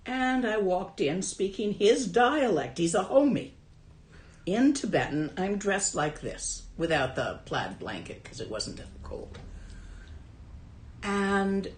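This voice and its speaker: A woman's voice: fairly low pitch, echoey room, slight background noise, rough recording. A woman who teaches Buddhism and translates Tibetan, telling a story from her own life in a dharma talk in a casual, wry way.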